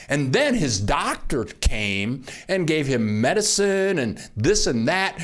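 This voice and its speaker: An older man hosting a casual livestream from Mexico, greeting viewers by name and getting excited over their messages. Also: a little high. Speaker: livestream host. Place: home in Mexico.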